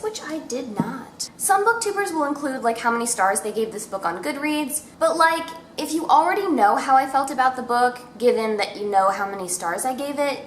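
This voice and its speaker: Young female book vlogger, lively and self-mocking, slightly high voice, roomy home recording. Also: slight background noise. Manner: bubbly, chatty, self-mocking asides. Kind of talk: casual book review chat. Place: home room with a cat. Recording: echoey room.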